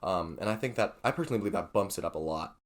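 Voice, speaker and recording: Low-voiced playful teen guy. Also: lively intonation, rapid-fire. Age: teens. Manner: playful, teasing, slips into silly voices. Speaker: podcast co-host. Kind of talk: casual chat.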